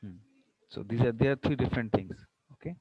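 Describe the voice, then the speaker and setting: A man with a mid-range, slightly rough voice and an Indian English accent teaches English words online a little fast, blending English with Hindi and asking questions to check understanding. The audio is dull, with no echo.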